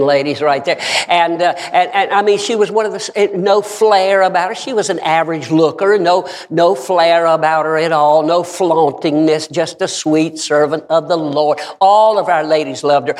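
A male pastor preaching a sermon with passion, going from hushed storytelling to shouting. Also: a little high. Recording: long reverb in a large hall.

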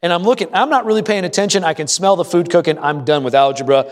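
A man's voice: high-pitched, fast, a little hiss or hum. Folksy preaching man in a reverberant church. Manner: folksy storytelling preaching with rhetorical questions to the congregation. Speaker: pastor. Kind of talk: sermon. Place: church sanctuary. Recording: long hall reverb.

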